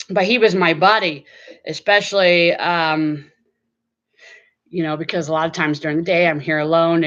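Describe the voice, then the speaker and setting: Woman, middle-aged, low voice, rambling casual chat, slightly dull recording. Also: a bit bright. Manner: chatty, rambling, many fillers. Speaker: vlogger. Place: at home.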